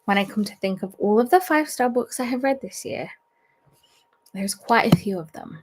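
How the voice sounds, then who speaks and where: A woman's voice: medium pitch, lively intonation, normal speed. Young woman, host of a book stream, loose rambling chat with fillers and little laughs. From Australia. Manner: rambling, chatty, with many fillers and soft laughs. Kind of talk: casual livestream chat.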